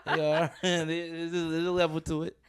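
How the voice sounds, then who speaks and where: A young man co-hosting a comedy talk show, joking around casually, laughing often and slipping into quick voices. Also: fairly high pitch, clear, resonant tone. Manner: laughing, animated storyteller doing quick voices. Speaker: comedian co-host.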